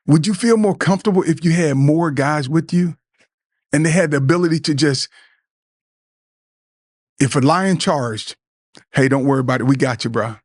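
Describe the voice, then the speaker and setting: A man's voice: fairly high pitch, no echo, clean studio sound. Earnest man preaching to other men. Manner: earnest, preachy, repeats words, acts out quoted friends. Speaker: podcast host. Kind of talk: motivational talk to men.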